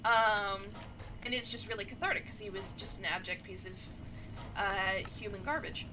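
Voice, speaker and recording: A woman gaming streamer retelling a story in a chatty, animated way, with many fillers. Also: medium pitch, normal speed, over music. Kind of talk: casual storytelling while playing a game.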